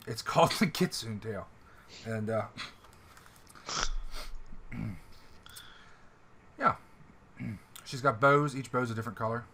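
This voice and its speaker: Bright-voiced man narrating as game master. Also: mid-range voice, a little hiss or hum. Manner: descriptive, halting with fillers and throat clearing. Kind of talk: narrating a tabletop game online.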